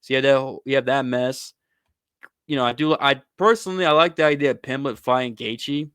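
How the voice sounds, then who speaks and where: A male host delivers casual, opinionated sports commentary with a blunt, slangy edge. His voice is smooth and clear at an ordinary pitch. The recording is close and dry, with no room sound. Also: fairly quick, a bit bright, no room sound. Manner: blunt, opinionated, swears and says "bro".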